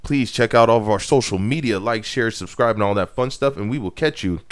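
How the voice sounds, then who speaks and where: A young man hosting a podcast, chatting casually with an expressive, sing-song delivery. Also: lowish voice, fairly quick. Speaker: podcast co-host. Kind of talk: casual chat.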